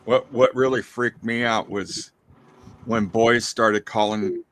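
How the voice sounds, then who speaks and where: A middle-aged man in casual chat, telling animated stories and acting out the voices of people in them. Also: fairly low pitch, slow pace, slight background noise. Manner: animated storyteller, acts out quoted voices. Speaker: live stream chat participant.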